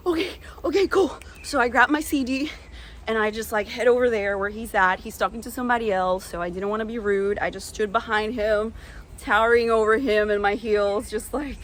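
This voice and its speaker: A woman's voice: a little high, brisk, a bit bright, poor audio. A young woman vlogger telling a personal story with lots of "like", gasping and squealing when she acts out her past self. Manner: peppers speech with "like".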